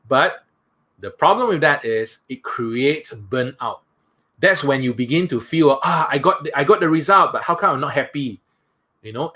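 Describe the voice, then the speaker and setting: A man's voice: fairly high pitch, a bit bright. Malaysian-accented man giving a seminar talk. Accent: Malaysian English. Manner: conversational, asks the audience questions. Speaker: motivational speaker.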